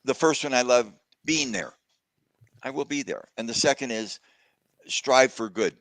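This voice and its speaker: A man's voice: mid-range voice, measured pace, dry recording. Reflective man telling a personal story. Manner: warm reflective storytelling, gets emotional. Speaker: guest speaker. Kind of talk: casual conversation on a video call.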